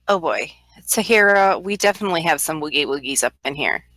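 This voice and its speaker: A woman's voice: deep voice, expressive, fairly quick, a bit bright, no room sound. A woman player at a tabletop game, playful and teasing. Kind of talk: casual chat at a tabletop game.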